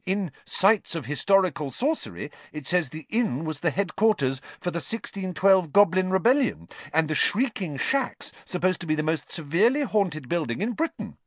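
Male reader doing a keen, bossy know-it-all schoolgirl; high and animated. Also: moderate pace, hardly any pauses, dry recording. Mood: eager. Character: eager bookish know-it-all teenage girl.

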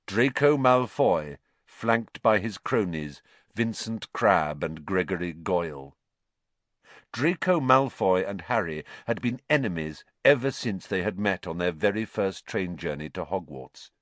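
A man narrating a storybook in an expressive, dramatic way. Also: deep voice, measured pace, no echo. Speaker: audiobook reader.

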